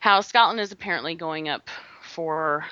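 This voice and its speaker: A woman's voice: deep voice, moderate pace, bright, forceful tone, clear, resonant tone, no echo. A woman co-hosting a podcast in casual chat, bubbly and laughing often, on dull lo-fi audio. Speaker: podcast co-host.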